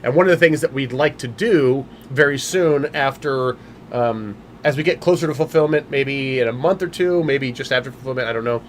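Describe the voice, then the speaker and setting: Speaking at normal speed in a mid-range voice, a male livestream host who owns a game company chats casually over faint background noise. He rambles loosely, filling his talk with fillers and frequent restarts.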